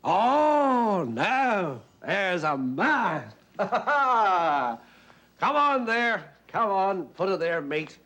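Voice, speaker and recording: An actor playing a drunk, boastful middle-aged Orangeman tenant, swaggering and loud. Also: sits high, exaggerated voice. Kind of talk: stage play acting.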